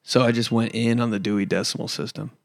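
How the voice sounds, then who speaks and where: A man's voice: fairly low pitch, steady tone, quick pace, creaky, dry recording, studio quality. A man in his twenties from Indiana, hosting a casual solo podcast with rambling, profane storytelling. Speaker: podcast host and comedian.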